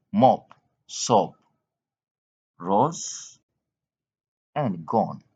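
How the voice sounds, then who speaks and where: On a dull lo-fi recording, a man with a low, slightly rough voice drills English pronunciation word by word. He reads the lists slowly and deliberately, explaining the spelling rules as he goes.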